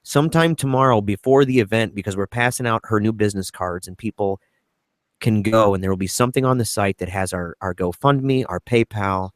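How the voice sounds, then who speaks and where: A man co-hosting a talk show, speaking earnestly and haltingly about a hard family matter, at times tearful. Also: fairly low pitch, no room sound, studio quality. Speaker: co-host. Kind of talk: emotional personal talk on a podcast.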